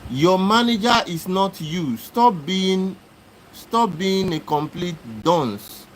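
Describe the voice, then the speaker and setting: A man's voice: high-pitched, takes it slowly, slight background noise, rough recording. A man hosting a live stream, arguing with commenters in a repetitive, exasperated lecturing way. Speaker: livestream host. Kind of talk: live-stream talk answering chat comments.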